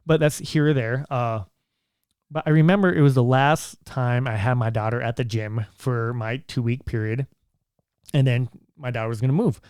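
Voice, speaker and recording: A man's voice: mid-range voice, normal speed, a little mellow, smooth, no room sound, studio quality. A man, a single father, telling a personal story to the camera in an earnest, reflective way that halts and restarts as he goes.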